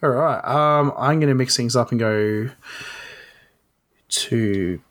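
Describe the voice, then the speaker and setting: Relaxed man hosting a podcast. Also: medium pitch, slow. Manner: relaxed, rambling with fillers. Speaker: podcast host. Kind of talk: casual podcast chat.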